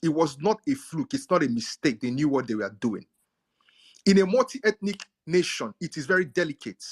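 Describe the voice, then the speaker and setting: A man's voice: a little high, animated, moderate pace, slightly rough. A man explaining politics in a lecturing, emphatic way, repeating key words to stress them. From Nigeria. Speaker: speaker in a live audio chat room. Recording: audio chat stream.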